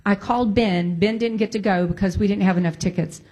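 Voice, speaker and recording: In a relaxed, chatty manner, a woman shares her personal testimony, speaking quickly at a medium pitch with few pauses. She's lively and forceful, repeating her main points for emphasis, and her story keeps giving way to bursts of prayer.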